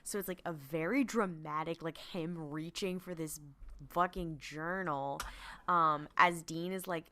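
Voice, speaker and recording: A woman's voice: low voice, a little slow. A young adult woman co-hosting a podcast, chatting casually about a TV episode and acting out the characters' lines. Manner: animated, acts out characters' lines. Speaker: podcast co-host. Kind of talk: casual recap chat.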